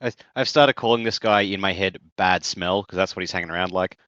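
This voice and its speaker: A man's voice: sits low, fairly quick, a bit bright, no echo. A man co-hosting a casual book chat, blunt and opinionated, swearing casually, on a dull, dry lo-fi mic. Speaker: podcast co-host.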